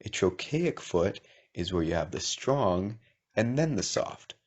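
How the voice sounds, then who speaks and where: A man's voice: fairly low pitch, very animated, a little slow, breathy edge. A man teaching a video lesson, explaining step by step and checking in with the listener. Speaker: poetry teacher. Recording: dull lo-fi sound.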